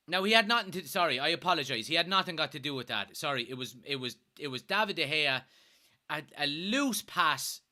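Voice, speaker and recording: An Irish man with a Kilkenny accent hosts a live football watchalong, his voice bright and forward. He reads out viewer comments and vents in fed-up, swearing bursts at his team. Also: fairly high pitch, lively intonation, a little fast. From Ireland. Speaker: fan watchalong host.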